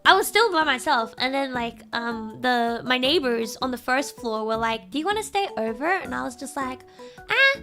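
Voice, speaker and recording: A woman streamer telling a childhood story in casual chat, animated and laughing often, with sudden shouted impressions. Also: sits high, moderate pace, few pauses. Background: soft background music.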